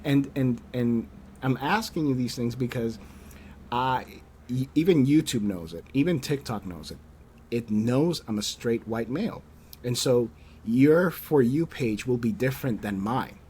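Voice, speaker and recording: A man hosts a casual interview podcast and talks in an animated storytelling way. His pitch sits at an ordinary middle height. A faint background hum runs under the voice. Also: unhurried. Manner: animated storyteller, acts out quoted people in a raised voice; candid, swears casually. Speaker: podcast host interviewing a creator.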